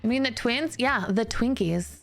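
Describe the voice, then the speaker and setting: A woman's voice: a little high, animated, vocal fry. Giggly chatty woman streamer over music. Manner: chatty, giggly, self-deprecating, quick restarts. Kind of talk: casual chat with stream chat.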